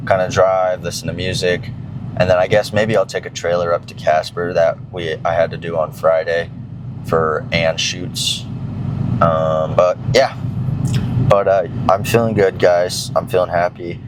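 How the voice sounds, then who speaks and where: A man's voice: low voice, flat delivery, measured pace, background noise. A young man casually chatting to his viewers in a fitness vlog, rambling with many fillers and casual swearing. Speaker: fitness vlogger.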